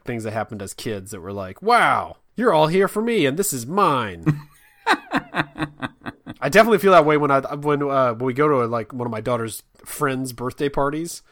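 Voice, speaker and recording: A man's voice: medium pitch, fairly bright tone. A man in his thirties co-hosting a casual podcast, self-mocking and playful. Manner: playful, self-mocking, puts on quick voices. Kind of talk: casual chat.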